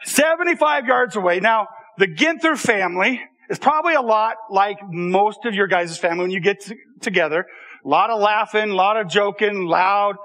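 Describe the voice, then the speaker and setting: High, bright-voiced man telling a story. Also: moderate pace. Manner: animated, conversational, with repeated restarts and audience asides. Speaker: speaker telling a personal story to an audience. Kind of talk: storytelling talk.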